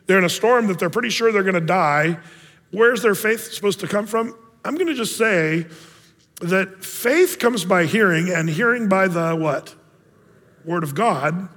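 A man preaching a sermon as a pastor, casual and animated, acting out the voices of the people in his story. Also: sits high, in a large hall.

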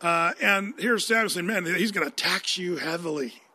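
High-voiced, bright, animated male preacher. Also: moderate pace, no room sound. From United States. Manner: animated, conversational, asks the audience questions. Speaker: pastor. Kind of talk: sermon with scripture reading.

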